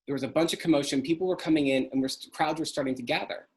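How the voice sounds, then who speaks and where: Man, middle-aged, earnest, emotional, storytelling talk, slightly high voice. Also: very fast, a little mellow. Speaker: speaker.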